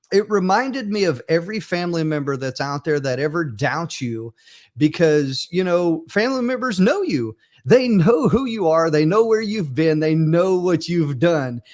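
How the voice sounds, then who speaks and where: Guy hosting a live panel stream, kinda high voice, animated, does little voices for quotes. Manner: animated, acts out quoted family members. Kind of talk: casual panel chat.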